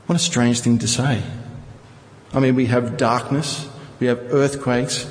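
A man's voice: mid-range voice, fairly even intonation, a little slow, long reverb tail, a little hiss or hum, poor audio. A male preacher teaching from scripture, reading verses and explaining them with rhetorical questions. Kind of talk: Bible teaching sermon.

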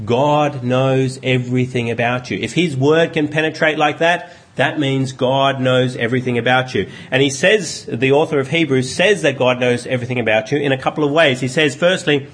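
A man preaching a sermon in a conversational way, asking his listeners rhetorical questions. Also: medium pitch. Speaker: pastor.

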